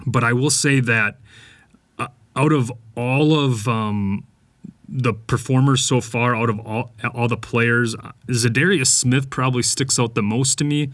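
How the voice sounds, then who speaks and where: A man's voice: mid-range voice, steady tone, unhurried, a bit bright, dry recording. A man hosting a sports podcast, giving casual, opinionated commentary with lots of fillers and restarts. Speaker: podcast host.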